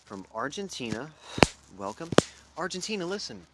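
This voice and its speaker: A man's voice: fairly high pitch, very animated, normal speed, very noisy. A young man from Louisiana hosting a livestream, talking in a rambling, profane, erratic way that jumps between topics. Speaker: livestream host. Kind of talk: rambling casual livestream chat.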